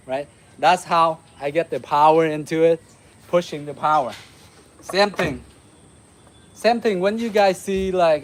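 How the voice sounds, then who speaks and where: A man with a Vietnamese accent teaching a live martial arts lesson, counting and calling out strikes as he demonstrates. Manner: demonstrating moves, counting, shouting "boom".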